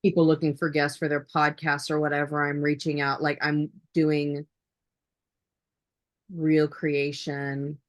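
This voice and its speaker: A low-pitched woman speaks as a client on a coaching call. She thinks aloud and lists her plans in halting pieces. Her voice sounds dry and close. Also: monotone, dry recording.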